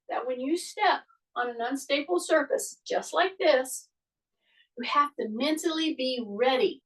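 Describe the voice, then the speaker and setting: A woman's voice: high-pitched, recorded from a distance, poor audio. A woman fitness instructor leading an exercise class, giving step-by-step cues and often checking in with "okay?".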